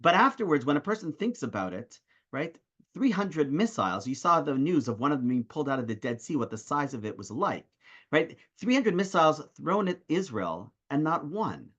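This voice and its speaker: A male rabbi teaches from his desk, spinning an animated story and raising his voice to act out the rabbis. His voice sits a little high. The sound is dull and lo-fi, like an online call. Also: moderate pace. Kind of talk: weekly online Torah class.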